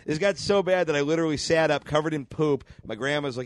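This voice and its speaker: A young man co-hosting a comedy podcast, telling stories in a casual way with crude, deadpan dark jokes. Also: on the high side, fast, few pauses, no room sound. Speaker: podcast co-host.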